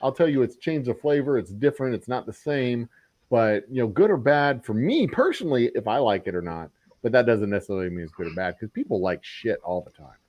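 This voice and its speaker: A man's voice: medium pitch, animated, brisk, darkish tone, no echo, highs cut off. A middle-aged man hosting a whiskey talk show, chatting casually in a blunt, profane way. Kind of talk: casual chat.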